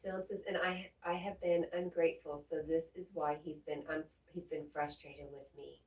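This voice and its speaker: Lowish woman's voice, casual livestream chat, gentle and comforting, a bit far from the mic. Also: fairly even intonation, normal speed. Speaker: livestream host reading viewer chat. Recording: roomy echo, mic at a distance.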